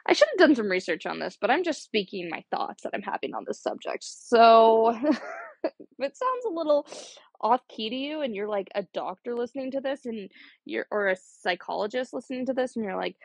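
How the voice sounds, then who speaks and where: A woman's voice: on the high side, very animated, fairly quick, vocal fry, no echo. A young woman in college, hosting a casual solo podcast and rambling in a chatty way, full of "like". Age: young adult. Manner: rambling, chatty, heavy use of "like". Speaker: podcast host.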